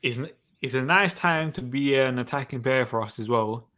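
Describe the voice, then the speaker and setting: A young man hosts a casual stream, talking through plugs and sign-offs in a brisk way. His tone is bright and forward, at a medium pitch. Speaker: host. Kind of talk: casual live-stream chat.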